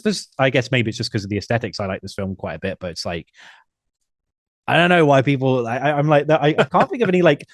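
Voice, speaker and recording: A man's voice: medium pitch, dry recording, clean studio sound. A man hosting a casual film podcast, talking enthusiastically and now and then acting out lines in funny voices. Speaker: podcast host.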